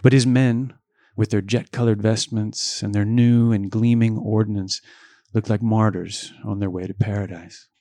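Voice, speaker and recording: A man with a fairly low voice reads a novel aloud. The sound is dry and close, with no room around it. He reads in a relaxed, informal way. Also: measured pace, few pauses, no room sound. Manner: reads dialogue with lively voice changes and joking asides. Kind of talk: casual read-aloud of a novel with asides.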